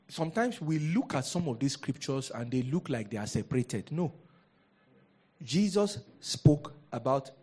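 A man preaching a sermon as a pastor, lively and rhetorical, often asking the congregation questions. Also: mid-range voice, breathy edge.

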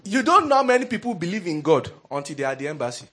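A man preaching a sermon in an animated, humorous way, laughing often. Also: high voice, racing. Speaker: pastor.

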